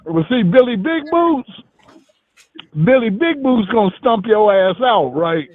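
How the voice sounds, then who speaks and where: A man's voice: sits high, lively intonation, unhurried. A man from Mississippi talking on the phone in casual chat, blunt and profane, full of street slang. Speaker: phone-in guest. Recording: tinny phone line, dry.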